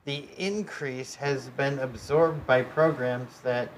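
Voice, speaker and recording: A man co-hosting a podcast, reading news articles aloud in a steady cadence with the odd joking aside. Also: mid-range voice, takes it slowly, a little hiss or hum, rough recording.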